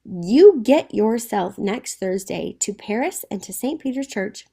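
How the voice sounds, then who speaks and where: A woman reading the lines of a stern, angry father who rants and calls names, in a slightly gravelly voice. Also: medium pitch, expressive, measured pace, warm tone, exaggerated voice. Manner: harsh, emphatic, name-calling. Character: stern angry father, older man, ranting.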